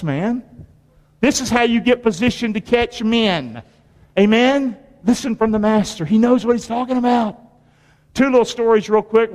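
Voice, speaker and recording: High-voiced preacher in a hall. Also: male voice. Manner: animated, call-and-response, frequent "Amen?". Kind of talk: sermon.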